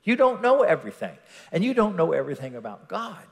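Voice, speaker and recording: A male preacher delivering a sermon in a lively voice that rises and falls. He acts out scenes and swings between loud lines and near-whispers, with a long reverb trailing off the walls of a big church hall. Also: high-pitched, fast, vocal fry.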